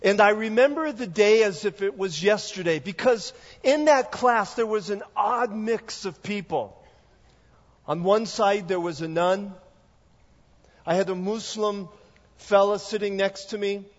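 A male pastor preaching a sermon, telling a story in a measured way. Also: high voice. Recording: echoey hall, dull lo-fi sound.

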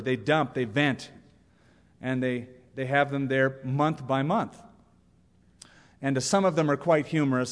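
A man preaching a sermon as pastor, lively and humorous, reading out examples and scripture. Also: mid-range voice. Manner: animated, reads quotes with humor. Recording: long reverb of a church hall.

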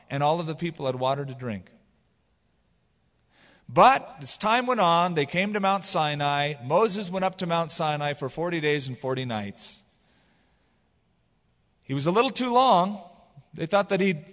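A man preaching a sermon as pastor, retelling scripture in a casual, animated way. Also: fairly high pitch, big-room sound. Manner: casual, animated storytelling with paraphrase.

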